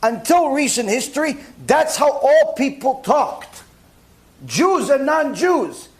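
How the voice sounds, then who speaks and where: A man, a rabbi, giving a lively sermon and acting out little scenes with mock dialogue. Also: very high-pitched, takes it slowly. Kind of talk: sermon lecture.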